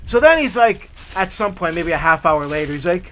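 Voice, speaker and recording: A man in casual, animated storytelling on a hike along a forest trail. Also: high-pitched, brisk, hardly any pauses, a little hiss or hum. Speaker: hiking vlogger.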